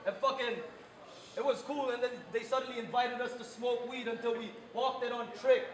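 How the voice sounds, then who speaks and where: A man's voice: very high-pitched, little pitch movement, a little fast. A man delivering a mocking, story-driven live battle rap at an event venue. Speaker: battle rapper. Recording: echoey room, loud background noise.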